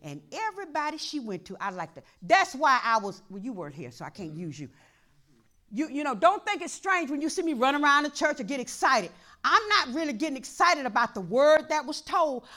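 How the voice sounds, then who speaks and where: A woman pastor preaches a fervent sermon in a church. Her voice sits high and leaps all over its range. She hammers repeated phrases, sinking to near-whispers and then climbing into shouts. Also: big pitch swings, a little fast. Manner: impassioned, repeats phrases, swings from hushed to shouting.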